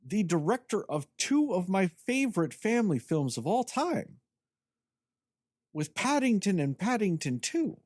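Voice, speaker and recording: Animated, sarcastic man reviewing movies. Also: high voice, measured pace, dry recording, studio quality. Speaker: podcast co-host. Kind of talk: casual movie review chat.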